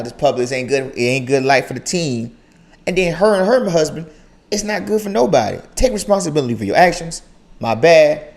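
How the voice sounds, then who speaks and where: Gravelly, animated young man reacting. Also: mid-range voice. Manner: animated, repeats phrases for emphasis. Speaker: YouTube reaction host. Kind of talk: casual reaction commentary.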